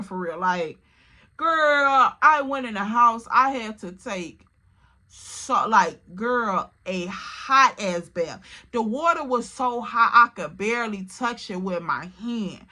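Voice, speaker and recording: With a slightly high voice and a sharp tone, a woman vlogging storytime-style recounts something personal to her audience. She's casual, candid and emotional, peppers her speech with "like" and "literally," and often addresses the listener as "girl."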